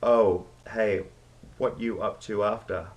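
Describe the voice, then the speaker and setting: A man's voice: on the low side, fairly even intonation, slow, a little mellow, a little hiss or hum. A man voicing a cheeky pub worker who tells stories as a joke. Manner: cheeky storytelling banter. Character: cheeky male Aussie pub worker, joker.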